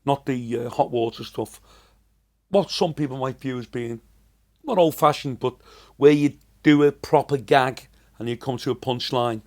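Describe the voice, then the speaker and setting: A man's voice: mid-range voice, moderate pace, a little mellow. A man in his sixties with a Liverpool accent, a comedian telling rambling, chatty anecdotes as a podcast guest. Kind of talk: casual storytelling.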